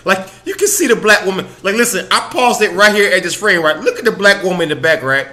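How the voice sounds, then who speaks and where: A man reacts live on his podcast, laughing and mocking as he goes. His voice is high and bright, and it swings widely in pitch. He talks profanely and loosely. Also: sing-song, a little fast, hardly any pauses. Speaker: podcast host.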